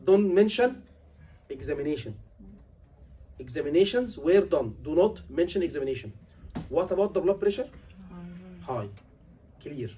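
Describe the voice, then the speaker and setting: A man's voice: on the high side, sing-song, moderate pace, pauses often, mellow, recorded from a distance, slight background noise. A man, tutoring a class for a medical exam, emphatic and repeating key words over and over. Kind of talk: classroom lecture.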